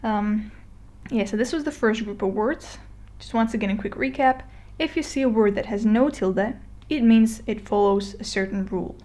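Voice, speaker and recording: A woman's voice: mid-range voice, moderate pace, mellow. A woman explaining a language lesson step by step, patient and plain, with casual fillers and recaps. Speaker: Spanish teacher.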